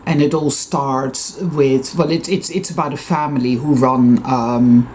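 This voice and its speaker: Rambling, sweary man with a mellow voice. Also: mid-range voice, fairly even intonation, measured pace, a little hiss or hum. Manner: profane, digressive, frequent self-interruptions. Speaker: vlogger. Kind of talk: rambling personal monologue.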